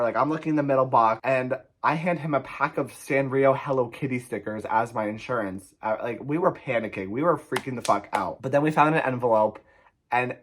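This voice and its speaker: A young man from New Jersey telling a frantic, profane storytime in a rambling, animated way. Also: medium pitch. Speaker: vlogger. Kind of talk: storytime vlog.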